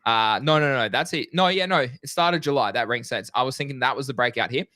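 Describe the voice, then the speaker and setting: A young man co-hosting a casual crypto trading live stream, energetic and slangy. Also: medium pitch, fast talker, no room sound, studio quality. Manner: energetic, excitable, slangy, swears.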